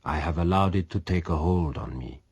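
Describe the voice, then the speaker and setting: A male audiobook reader voicing a daring pirate captain who teases with dry, calm confidence. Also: low-pitched, a little fast, slightly rough. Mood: mocking. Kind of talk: audiobook reading.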